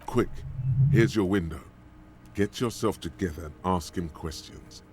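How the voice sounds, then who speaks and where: A man's voice: sits low, unhurried, darkish tone, faint music behind. An actor voicing the male inner voice of a detective's mind as game narration, ominous and taunting.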